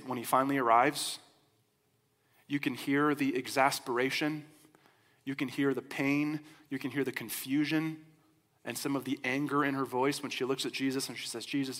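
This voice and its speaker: A man preaching a sermon as a pastor, in a conversational, animated storytelling way. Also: mid-range voice. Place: church sanctuary. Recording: long hall reverb.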